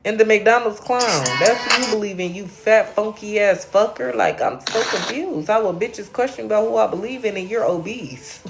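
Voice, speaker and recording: A woman's voice: medium pitch, normal speed, noisy background. A woman hosting a late-night livestream, ranting at viewers in a brash, profane and confrontational way while a little tipsy. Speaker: livestream host.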